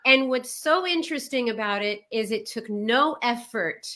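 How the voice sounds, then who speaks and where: A woman host chats casually and heaps effusive praise on her guest. Her voice is bright and sharp and sits a little high. She talks in quick bursts. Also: lively intonation. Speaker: call host. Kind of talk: casual chat.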